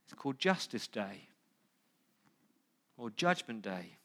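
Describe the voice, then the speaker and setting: A man who is a pastor preaching a sermon, building through loud repeated lists and pleading directly with his listeners. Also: mid-range voice, very animated, takes it slowly.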